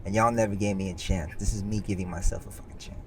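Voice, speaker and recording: A young podcast co-host with a lowish voice, talking with boastful, driven intensity. He swears heavily and, when reflective, drops into a quieter, brooding register. A faint hum sits under the recording. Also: steady tone, fast. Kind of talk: casual podcast chat.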